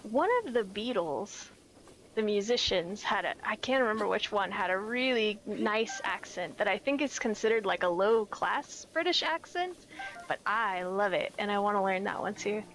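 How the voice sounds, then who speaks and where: A woman's voice: mid-range voice, animated, normal speed, a bit bright, slight background noise. An American woman streaming a game, chatting casually with viewers, reading their messages and often searching for her words. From United States. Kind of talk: casual chat with viewers while gaming.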